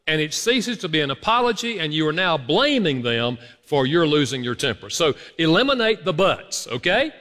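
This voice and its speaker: A man preaching a sermon as a pastor, telling stories with animated, emphatic rises. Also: fairly high pitch, normal speed, few pauses. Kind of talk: sermon on apology. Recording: long hall reverb.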